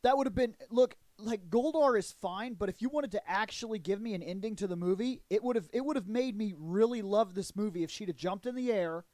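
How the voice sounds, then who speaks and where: High-voiced man in profane casual chat. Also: a little fast, few pauses, darkish tone, dry recording. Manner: profane, rambling, laughs often. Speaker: podcast co-host.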